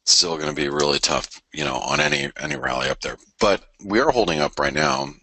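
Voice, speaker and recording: A middle-aged man with a very deep voice talks through the markets live, rambling and tripping over restarts as he thinks aloud. His tone is bright and forceful, and the sound is dry and close with no room around it. He keeps it casual, like a host chatting to regular viewers. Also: lively intonation, fairly quick, gravelly, slightly rough, no echo. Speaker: forex trading show host.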